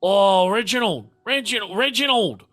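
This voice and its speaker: A fussy older wife with an Australian accent, wheedling and coaxing, her voice pitched high above a man's usual range and bright. She repeats her husband's name over and over as she sweet-talks him, as a man puts her on. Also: lively intonation, moderate pace.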